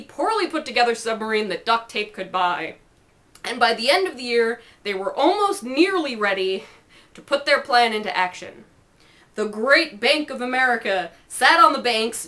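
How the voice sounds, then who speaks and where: A woman's voice: a little high, pushed and bright. A woman reading her own comic story aloud, playful and giggling with asides.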